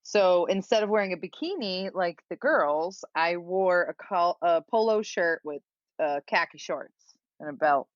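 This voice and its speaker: A woman telling a story as a podcast guest, animated and laughing at herself. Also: on the low side, unhurried, dry recording. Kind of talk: casual storytelling. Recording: dull dry lo-fi recording.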